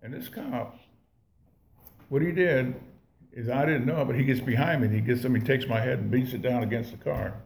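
A man's voice: medium pitch, normal speed, vocal fry, darkish tone, slight background noise. A man sharing his recovery story with an audience in a rambling, profane, folksy way, full of restarts. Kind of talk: casual spoken storytelling to an audience. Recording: echoey room.

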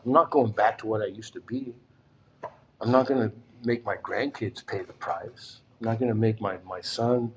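An older man giving a plainspoken, emotional personal testimony at a recovery support meeting, often halting and repeating himself. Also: on the low side, a little hiss or hum.

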